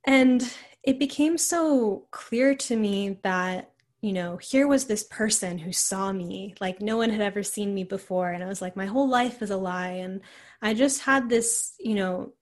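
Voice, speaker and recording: Speaking at a measured pace in a mid-range voice, a young woman guesting on a podcast rambles through a personal story. Her casual, conversational telling is full of "like" and "you know."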